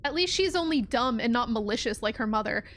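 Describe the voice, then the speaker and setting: A woman's voice: on the high side, animated, a little fast, fairly bright tone. A young woman streaming a game, talking casually and animatedly, swearing often and sounding exasperated. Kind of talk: casual gameplay commentary.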